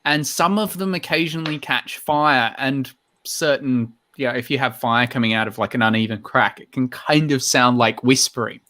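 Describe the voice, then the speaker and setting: Man, stream host, casual chat, rambling explanations, mid pitch. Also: normal speed, a bit bright.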